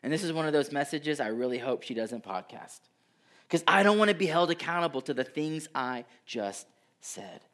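A middle-aged man preaching from the pulpit with a fairly high voice. He swings between ringing, emphatic declarations and soft, almost whispered lines, with a lively, varied pitch. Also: moderate pace. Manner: dynamic preaching, swinging from loud emphasis to hushed near-whispers. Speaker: pastor. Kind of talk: sermon.

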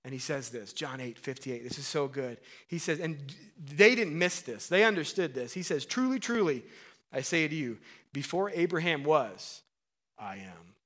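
Animated preacher man, slightly high voice. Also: moderate pace. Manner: animated, acts out voices of Bible figures; drops to a low hush for emphasis. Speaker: pastor. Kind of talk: sermon.

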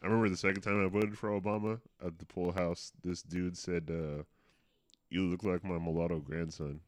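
Deep-voiced easygoing man, dry sound. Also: level tone, moderate pace, dry recording. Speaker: podcast co-host. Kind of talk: casual chat.

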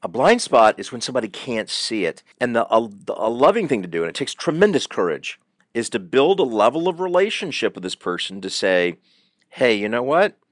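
A man's voice: mid-range voice, fairly quick, no echo, studio quality. A middle-aged man talking on a podcast as a guest counselor, telling stories with lots of repeated fillers. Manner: animated storytelling, frequent repeated fillers. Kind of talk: conversational podcast advice.

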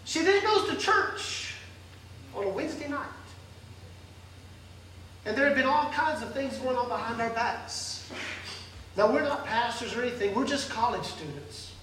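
A man preaching an emotional sermon, swinging between loud calls and soft pleading, recorded from afar in a large church hall. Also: very high-pitched, animated, measured pace, pauses often, slight background noise. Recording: echoey hall from far off.

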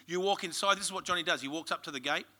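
A man with an Australian accent preaching a sermon, telling lively stories and calling out to the congregation. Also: a little high, rapid-fire. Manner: lively storytelling, calls to the congregation. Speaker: pastor.

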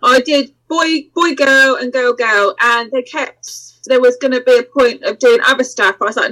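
A woman's voice: sits high, moderate pace, hardly any pauses, low-quality recording. A woman, a guest in an interview, telling a story candidly and acting out the voices of the people in it. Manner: animated, acts out quoted voices, laughs through the story.

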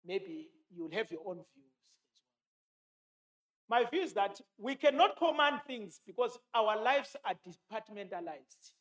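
A man delivers a sermon in a notably high voice. He talks emphatically, quotes scripture and repeats his key lines for weight. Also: sing-song, a little slow, fairly bright tone. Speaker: preacher.

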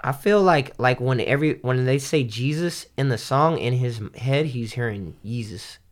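A man in a casual chat about hip-hop, talking in a rambling, halting way with many restarts and fillers. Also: mid-range voice.

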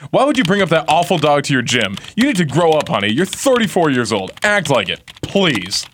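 A man's voice: fairly high pitch, sing-song, brisk, fairly bright tone, slight background noise. A man reading the part of a blunt, profane woman scolding someone online.

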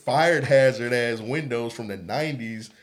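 A young man spins a childhood story on a casual podcast, full of slang and bursts of laughter. His voice sits at an ordinary middle pitch and climbs high when he gets worked up. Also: moderate pace. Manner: animated, laughing storyteller with slangy street talk. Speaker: podcast co-host.

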